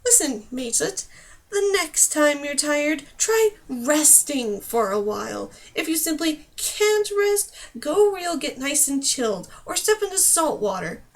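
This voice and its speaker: A woman voicing an exasperated, sarcastic male mage teacher in an audiobook, often loud and scolding. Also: high-pitched, big pitch swings, measured pace, full character voice.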